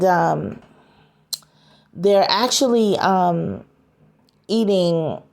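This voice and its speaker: Slow, low-voiced woman retelling a scene. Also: mellow. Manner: hesitant, many filler sounds. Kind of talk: casual retelling of a story scene.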